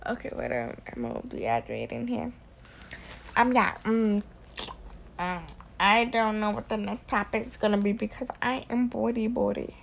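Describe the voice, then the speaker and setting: A woman rambling casually in a vlog from her bedroom late at night, repeating herself and drifting between loud ranting and quiet near-whispers. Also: mid-range voice, animated, normal speed, gravelly, slight background noise. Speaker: vlogger.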